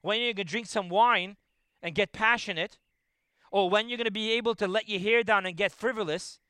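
A middle-aged man giving a Torah lecture as a rabbi, telling stories and swinging between loud emphasis and hushed asides. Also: high voice, fairly quick, clean tone, dry recording.

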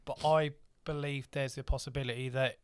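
A man's voice: mid-range voice, steady tone, a little fast, clear, resonant tone. A man in casual football talk, telling stories about players.

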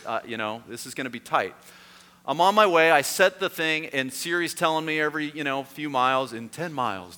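Bright-voiced pastor in an echoey hall. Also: male voice, fairly high pitch. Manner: conversational storytelling, lively and self-mocking. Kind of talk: sermon.

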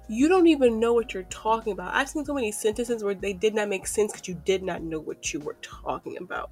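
A woman co-hosting a casual chat podcast, animated and mocking. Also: mid-range voice, brisk, few pauses, faint music behind. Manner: animated, mocking impressions of slang. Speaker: podcast co-host.

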